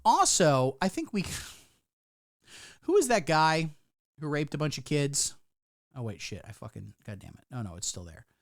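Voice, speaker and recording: A man's voice: on the high side, very animated, normal speed, creaky, long pauses, no echo, clean studio sound. A man giving casual live-stream commentary, sarcastic and rambling, swearing freely. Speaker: livestreamer.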